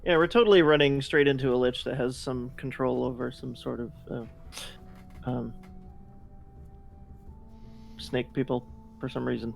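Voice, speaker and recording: A man's voice: medium pitch, fairly even intonation, normal speed, vocal fry, long pauses, faint music behind. A man playing a tabletop game, chatting casually and cracking wry jokes. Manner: wry, joking. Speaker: player.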